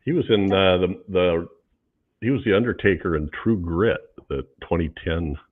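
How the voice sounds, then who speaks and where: Deep-voiced man on a tinny line. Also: normal speed. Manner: hesitant, many ums, looks up cast facts. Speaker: podcast co-host. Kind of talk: casual film review chat.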